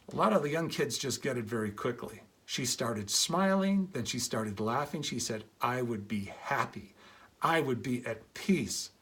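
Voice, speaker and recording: A man's voice: a bit bright, breathy edge. A middle-aged man giving an earnest motivational talk, telling stories and acting out quoted lines of dialogue. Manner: earnest, shifts pitch to act out quoted dialogue. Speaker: speaker.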